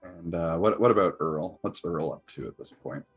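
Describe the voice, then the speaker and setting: A man's voice: deep voice, moderate pace, slightly rough, soft background music. A man narrating as game master of a tabletop game, with stammering restarts and many fillers.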